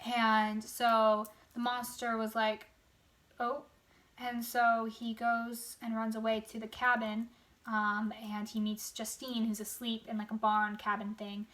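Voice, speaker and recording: A woman's voice: a little high, completely flat delivery, fairly bright tone. A young woman with a sore throat casually summarizing a novel, rambling with lots of fillers and slangy asides. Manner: rambling, filler-heavy retelling with quick casual quoted voices. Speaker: book summarizer. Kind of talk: casual spoken book summary.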